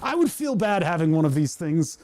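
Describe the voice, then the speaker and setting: A man's voice: a little high, sing-song, normal speed, a little mellow. A man who streams on Twitch, chatting casually to himself while tinkering at his workbench, grumbling and joking.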